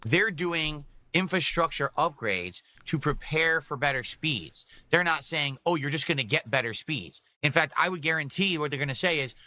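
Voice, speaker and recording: A man's voice: on the high side, lively intonation, moderate pace, hardly any pauses, pushed and bright, dry recording. A man chatting casually on a stream, rambling and wry. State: sore and yawning.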